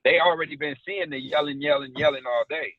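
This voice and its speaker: A man's voice: fairly high pitch, fairly quick, dry recording. Man, casual slangy storyteller, thin phone-like sound, dry. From South Side Chicago. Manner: animated storytelling with street slang. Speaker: actor guest. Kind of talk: casual interview chat.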